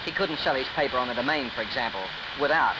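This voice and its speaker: A man speaking in a documentary interview, measured and thoughtful, with occasional hesitant fillers. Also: mid-range voice, dull audio, heavy background noise. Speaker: interviewee, chapel associate.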